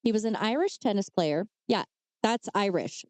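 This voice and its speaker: A woman's voice: mid-range voice, lively intonation, normal speed, darkish tone, no room sound. A woman co-hosting a podcast, telling true crime cases in a casual way with chatty asides. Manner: reads case details with chatty asides and fillers. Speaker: podcast co-host.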